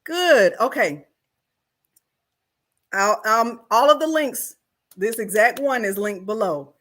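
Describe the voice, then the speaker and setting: A woman's voice: on the high side, slow, a bit bright. A woman hosting a live-streamed craft tutorial, chatty and friendly, greeting viewers by name and often saying "y'all". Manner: Southern-style "y'all".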